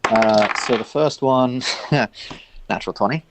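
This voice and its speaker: A man's voice: medium pitch, slow, very noisy. A man narrating as dungeon master of a tabletop game, describing scenes in loose, filler-heavy speech.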